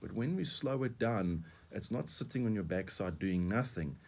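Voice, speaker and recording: Deep-voiced South African man coaching on radio. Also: expressive, normal speed, a little mellow. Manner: earnest, repeats words, uses examples. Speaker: guest coach. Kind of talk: radio interview.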